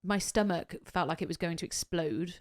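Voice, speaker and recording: A woman co-hosting a podcast in casual chat, telling a story with lively energy, swearing freely and acting out what people said. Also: on the low side, moderate pace. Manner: animated storyteller, swears freely, acts out quotes. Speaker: podcast co-host.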